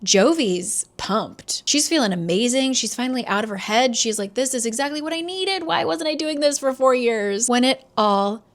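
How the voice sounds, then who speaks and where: A woman's voice: on the high side, lively intonation, moderate pace, hardly any pauses. Sarcastic woman recapping a book. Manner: sarcastic, filler-heavy, quoting characters in mock voices. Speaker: book reviewer.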